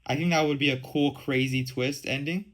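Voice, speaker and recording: A man's voice: mid-range voice, steady tone, normal speed, rough recording. Rambling young man podcasting. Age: 20s. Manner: rambling, heavy use of "like" and "um". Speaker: podcast host. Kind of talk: casual solo podcast chat.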